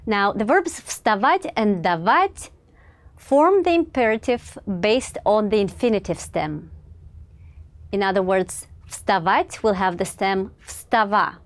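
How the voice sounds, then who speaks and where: Woman reading a measured grammar lesson. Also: mid-range voice, expressive. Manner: measured, clear, pauses after each example word. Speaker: language teacher. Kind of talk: scripted grammar lesson narration.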